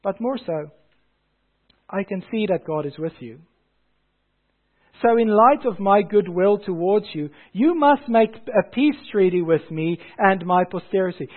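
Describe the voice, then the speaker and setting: A preacher speaking as an ancient king who bargains in a high, insistent voice, pressing his case and pleading for a promise. The voice sounds tinny and narrow, as if it came over a phone line. He is a man who sounds like he wants something. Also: expressive, a little slow. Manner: pleading, insistent retelling in first person.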